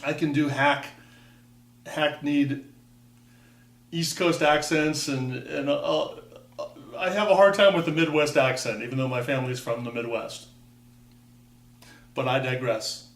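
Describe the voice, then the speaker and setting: A man's voice: medium pitch, steady tone, a little slow, long pauses, recorded from a distance. Man in his fifties, from Wisconsin, wry rambling storyteller, roomy echo, voice a bit off the mic. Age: 50s. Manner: rambling, self-interrupting, wry. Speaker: vlogger. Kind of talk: casual personal monologue. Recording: echoey room, voice off-mic.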